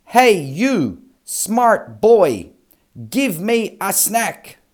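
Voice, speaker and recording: A man voicing a rude, greedy, smelly male snob monster in a loud, demanding way. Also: sits high, sing-song, very slow, pitched above the performer's own voice, heavily acted. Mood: bossy.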